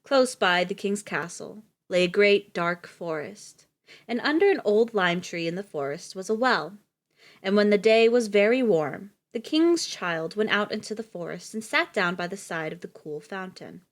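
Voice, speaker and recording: A woman's voice: mid-range voice, animated, normal speed. A young woman reading a fairy tale on a live stream, laughing often and stopping for casual asides.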